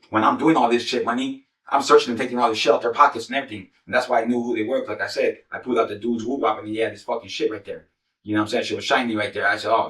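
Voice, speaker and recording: Heavy slang, endless swearing and a steady stream of "you know what I'm saying" fill this former gang member's fast, rambling street war stories, which are raw and profane. He has a mid-range, fairly bright voice, captured far from the mic in an echoey room.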